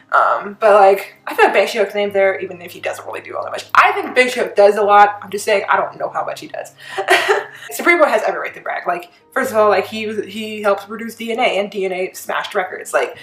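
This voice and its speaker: Animated woman vlogger with in an echoey room. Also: on the high side. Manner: animated, bursts into laughter and shouting. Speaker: reaction channel host. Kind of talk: casual reaction vlog. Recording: echoey room with faint music.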